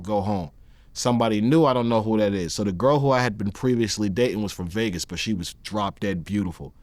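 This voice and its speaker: A man in an interview, telling a long personal story in a lively way and acting out the people he quotes. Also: lowish voice, dry recording. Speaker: interview guest.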